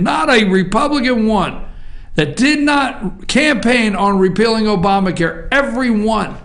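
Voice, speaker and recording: A man's voice: extremely high pitch, a bit bright. A man hosting a political opinion show, ranting emphatically in an impassioned monologue with repeated refrains. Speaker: talk show host.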